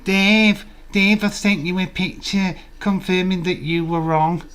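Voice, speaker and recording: A high, nagging voice of a crybaby stream viewer whines in a mocking sing-song , put on by a man. It sits well above his usual pitch and comes out loud and pleading. It is exaggerated, petulant and teasing. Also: level tone, a little slow, clean tone. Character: whiny crying male stream viewer, nagging.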